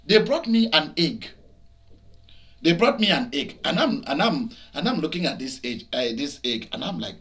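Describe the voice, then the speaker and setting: A Nigerian man preaching, his voice sitting high with a bright, forceful edge. He tells his stories in an animated way, rising into shouts and laughter as he drives each point home. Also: measured pace. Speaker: pastor. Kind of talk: preaching to a broadcast audience.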